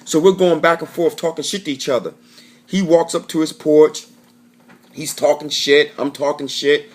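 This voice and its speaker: A man's voice: a little high, steady tone, normal speed. A man telling a rambling, profane story straight to camera in a casual vlog, often correcting himself as he goes. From Florida. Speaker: vlogger.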